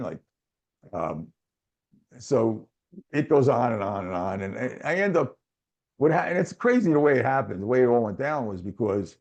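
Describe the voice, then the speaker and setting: A middle-aged man, a guest telling a long personal story in casual chat and acting out what others said. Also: medium pitch. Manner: animated, acts out other people's lines, chuckles often.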